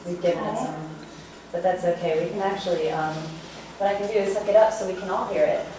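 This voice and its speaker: A woman's voice: fairly low pitch, fast talker, background noise. A woman choreographer giving a live demo presentation, talking loosely with fillers and chuckles. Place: arts venue hall, indoors. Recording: echoey room from far off.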